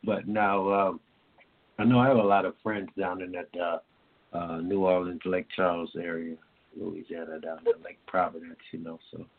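Man from Indiana, low-ish voice, loose rambling radio host heard over a telephone line. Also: fairly even intonation, normal speed. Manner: rambling, heavy on fillers. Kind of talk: casual talk-radio chat. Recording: tinny phone-line sound.

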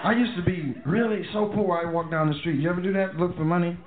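On a comedy club stage, a quick-talking male stand-up with a high voice tells loose, profane stories, animatedly acting out different voices. The sound is an echoey club heard over a tinny phone line, with a loud crowd, audience laughter and room noise behind him.

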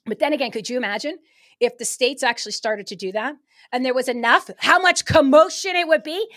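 Fired-up high-voiced woman. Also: a bit bright. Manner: fired-up, rapid, emphatic. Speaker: guest activist. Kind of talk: casual talk-show chat.

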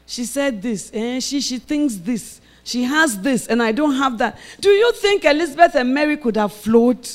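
A woman preacher telling a personal story in a sermon and acting out the voices of the people in it, then building to shouted exhortation. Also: a little high, animated, a little slow.

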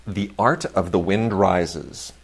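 A middle-aged man with a fairly low voice chats casually as a host. He rambles, stacks up fillers and restarts, and gushes with enthusiasm. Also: slow, vocal fry, breathy edge. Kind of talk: casual chat reviewing books and TV releases.

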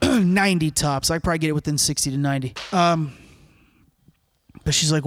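Joking, boastful man with a higher voice. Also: brisk, pauses often, no room sound, clean studio sound. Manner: joking, boastful, laughs often. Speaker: podcast co-host. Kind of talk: casual banter.

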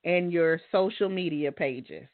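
A woman's voice: lowish voice, measured pace, no room sound. Woman host, dry phone-like sound. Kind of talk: casual interview hosting.

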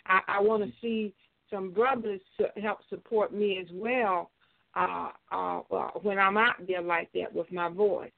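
A woman's voice: mid-range voice, steady tone, vocal fry. Older woman calling in on a tinny phone line. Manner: halting, many hesitations and restarts. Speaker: caller. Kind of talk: call-in radio commentary.

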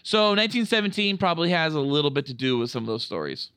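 A man hosting a casual movie review podcast, talking in an animated, jokey way with plenty of swearing. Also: on the high side, very fast, clean tone, dry recording, studio quality. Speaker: podcast host. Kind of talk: casual film review chat.

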